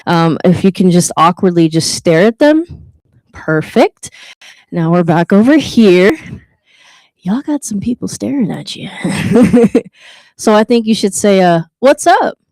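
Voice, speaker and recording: A woman's voice: medium pitch, expressive, unhurried, pauses often, darkish tone, no echo. A woman hosting a live open mic night, joking with the crowd and reading a poem, with a playful, teasing manner. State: out of breath. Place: live venue with an audience.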